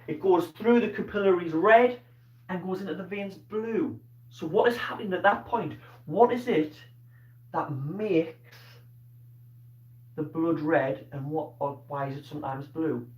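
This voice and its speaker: A man teaching a live online lesson in an encouraging way, quizzing his pupils and cheering their answers. His voice sits fairly high. He is heard from a distance in an echoey room, with a muffled, dull tone. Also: measured pace, a little mellow. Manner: encouraging, asks questions and praises pupils by name. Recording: roomy, distant, dull-toned sound.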